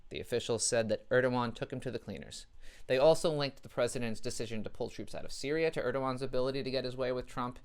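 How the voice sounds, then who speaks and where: A man's voice: medium pitch, fast talker, clear, resonant tone. A young adult man hosting a comedy show, delivering a satirical news monologue with dry, sarcastic jokes.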